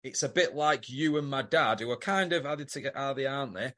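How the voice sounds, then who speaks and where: A British man in the co-host's seat, speaking at an ordinary middle pitch. He chips in with dry one-liners and laid-back corrections while the recap rolls on. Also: fairly quick, hardly any pauses, sharp tone. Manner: dry quips, wry corrections. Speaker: podcast co-host. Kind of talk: casual recap chat.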